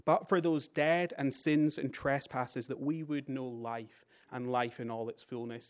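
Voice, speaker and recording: A British man delivering a Sunday sermon, earnest and deliberate. His voice sits at an ordinary pitch, climbing for emphasis and falling away to a hush at the close of a thought, with key lines said twice. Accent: British English. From Britain. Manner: rises for emphasis, drops very quiet at phrase ends. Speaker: preacher.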